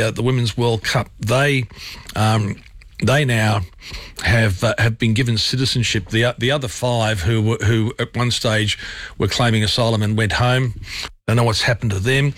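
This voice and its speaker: A man's voice: medium pitch, a bit bright, dry recording. A man hosting late-night talk radio, chatting casually with many fillers and restarts. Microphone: studio mic.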